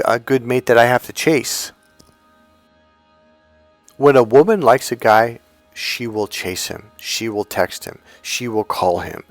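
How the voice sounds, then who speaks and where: A man's voice: mid-range voice, no echo. A man talking as a dating coach, casual and direct, acting out quoted women in a raised voice. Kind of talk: casual direct-to-camera talk.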